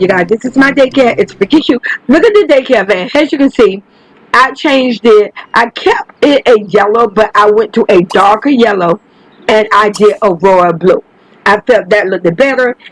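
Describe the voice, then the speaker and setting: A woman hosts her gaming channel and narrates her game in loose, casual commentary. She swears without a second thought and keeps calling out to her viewers. Her voice sits at a middle pitch, and the recording is dry and close. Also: expressive, normal speed, dry recording, soft background music, rough recording. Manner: chatty, swears freely, keeps saying "you guys".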